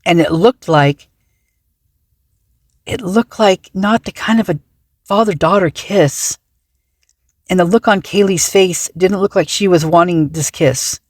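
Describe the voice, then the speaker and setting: A woman's voice: fairly low pitch, measured pace, long pauses, darkish tone, no echo, studio quality. A woman hosting a casual reaction commentary, talking in an indignant, agitated way with many restarts and trailing fillers. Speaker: true-crime commentary channel host.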